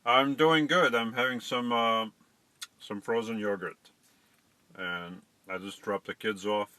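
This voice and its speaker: A man's voice: on the low side, fairly even intonation, measured pace, bright, forceful tone, dry recording. Chatty man fumbling through a live stream. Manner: fumbling with settings, chatty asides to viewers. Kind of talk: casual live stream chat.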